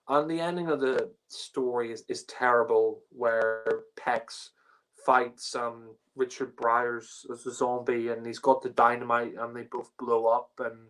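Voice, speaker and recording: A man's voice: mid-range voice, rough recording. A man co-hosting a casual review podcast. He talks bluntly and with exasperation, swears, and fills his speech with "you know" and "like.". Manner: blunt, exasperated, swears, heavy filler words. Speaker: podcast co-host reviewing episodes.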